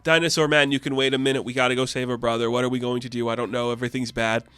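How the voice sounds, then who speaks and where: A man voicing a panicked young boy in a comic book recap, rushed and flustered. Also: medium pitch, level tone, a bit bright, clear, resonant tone, no echo, lightly acted.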